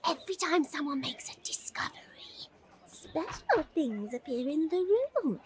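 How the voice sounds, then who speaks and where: A woman's voice: sits high, animated, a little slow. A woman voicing a moping ghost schoolgirl in a video game, with a sing-song manner that slips into secretive whispers.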